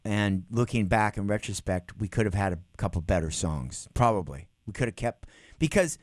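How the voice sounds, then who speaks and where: A man's voice: moderate pace, dry recording. Middle-aged guy spinning band stories in a radio studio, acts out quotes, dry close sound. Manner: animated, acts out quotes in a higher voice. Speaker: guest musician. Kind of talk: interview storytelling.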